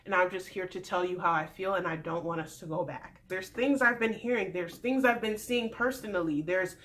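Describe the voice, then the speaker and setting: A woman imitating an earnest young man who pleads softly and insistently. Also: fairly low pitch, normal speed, pitched below the performer's own voice, lightly acted. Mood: pleading.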